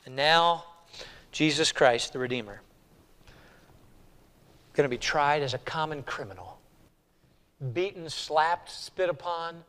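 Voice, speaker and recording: Male pastor, slightly high voice, dramatic preaching that drops to a hush and builds loud, recorded in a reverberant church. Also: slow pace, long pauses, clean tone. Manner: dramatic, swings between hushed and loud. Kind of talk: sermon. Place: church sanctuary.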